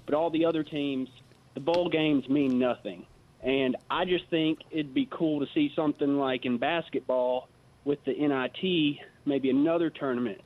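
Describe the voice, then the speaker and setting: Male radio caller on a tinny phone line. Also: a little high. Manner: casual, earnest opinions with fillers. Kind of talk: call-in chat.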